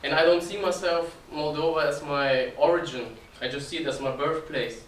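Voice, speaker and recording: A man's voice: fairly high pitch, moderate pace, a little hiss or hum. A man, giving an earnest informal talk to an audience and often restarting phrases. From Germany. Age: 20s. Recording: echoey room, distant mic, faint ambience.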